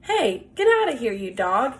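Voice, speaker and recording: A woman voicing a ranting male madman who rules a garbage dump, shouting high and loud. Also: big pitch swings, normal speed. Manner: shouting, possessive, high-pitched.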